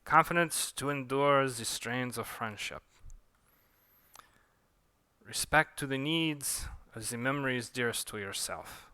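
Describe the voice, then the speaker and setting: A courtly French magician with a raised, bright voice, speaking in elaborate formal phrases, as a man puts him on. The sound is close and dry. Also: medium pitch, slow pace, pauses often, smooth, no echo. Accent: put-on French.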